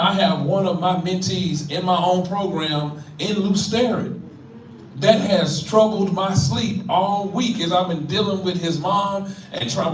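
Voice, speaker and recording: A man's voice: sits high, a little hiss or hum. A middle-aged man, a pastor, giving a preacherly community talk, stammering and checking in with "right?". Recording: echoey room, mic from far off.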